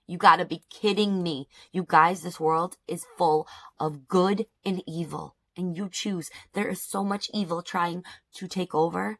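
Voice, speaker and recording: A beauty vlogger in her thirties does her makeup at home while telling an upsetting story, outraged and emphatic, repeating herself for effect in an emotional storytime rant. Her voice is lowish and a bit bright, at a moderate pace.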